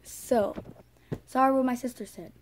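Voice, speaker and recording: Female vlogger, slightly high voice; casual, rambling, indignant rant to camera. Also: steady tone, unhurried, slight background noise. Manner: indignant, rambling, talks straight to viewers.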